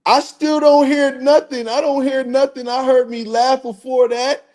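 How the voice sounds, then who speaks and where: A man with a loud voice, defiant and dismissive as a guest in a heated panel debate, repeating his demands. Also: extremely high pitch, little pitch movement, a little slow.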